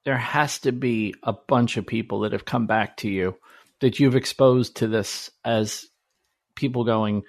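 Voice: mid-range voice, a little slow. Chatty host who laughs a lot. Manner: chatty, laughs often, acts out quotes. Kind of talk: casual chat.

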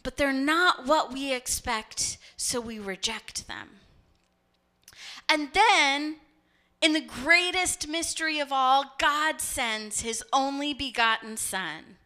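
A woman's voice: high-pitched, takes it slowly, sharp tone. A woman pastor preaching a sermon, telling stories and acting out voices as she goes. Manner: storytelling, acts out voices.

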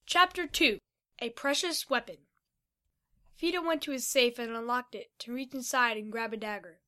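A woman's voice: a little high, moderate pace, pushed and bright. A woman reading a children's adventure story aloud as narrator. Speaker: story reader.

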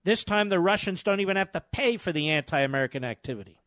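A man's voice: sits high, lively intonation, fast, a bit bright, no room sound. A middle-aged man hosting a talk radio show, delivering scornful, combative commentary with hammering repetition.

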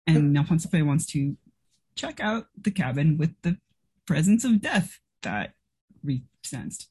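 Very husky, low-voiced woman player. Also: big pitch swings, slow, long pauses, mellow. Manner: hesitant, musing. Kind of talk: describing her character's actions in a tabletop game.

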